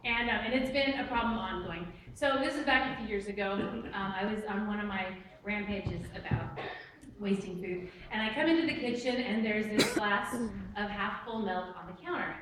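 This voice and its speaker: A woman doing stand-up storytelling in a church hall, animated and self-mocking as she acts out the people in her story. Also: medium pitch, normal speed. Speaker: stand-up comic. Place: church hall with a live audience. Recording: echoey room from far off with noise.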